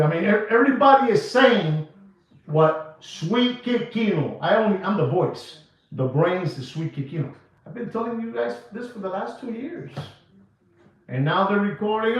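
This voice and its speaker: Speaking a little slowly in a high, expressive voice, a New Yorker who deals watches launches into a market rant for the camera. He leans on slangy, repetitive, emphatic sales talk over music, in audio that's dull, distant and full of echo.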